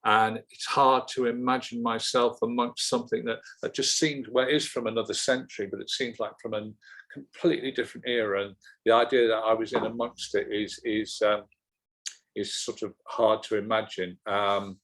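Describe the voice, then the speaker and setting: A poet reading his work over a video call, his voice sitting fairly low. Between poems he talks in a halting, self-correcting way, and he reads the verse steadily and in measured phrases. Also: level tone, fairly bright tone. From Liverpool, England. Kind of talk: poetry reading and discussion.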